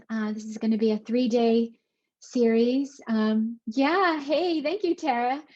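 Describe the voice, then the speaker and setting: Woman hosting a webinar, gushy and chatty, lots of ums, kinda high voice, muffled call audio. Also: mellow. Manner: chatty and effusive, many fillers and exclamations. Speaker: webinar presenter. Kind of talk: casual live webinar talk.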